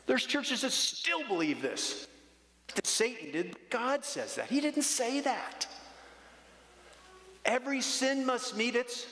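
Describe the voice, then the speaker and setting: A man's voice: sits high, bright, forceful tone. A male pastor preaching a sermon in a church sanctuary, emphatic and conversational, acting out voices of the figures he quotes. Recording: echoey church hall.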